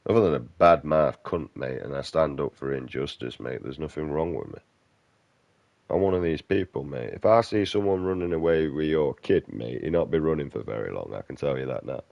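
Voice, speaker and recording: A man's voice: a bass voice, brisk, gravelly, no room sound, lo-fi sound. A man giving casual gameplay commentary, ranting bluntly and swearing a lot. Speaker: game streamer.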